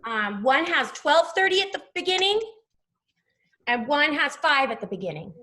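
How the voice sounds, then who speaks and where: A woman teaching young children in an online class, talking slowly and patiently, spelling out sounds. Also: high-pitched, sing-song, sharp tone.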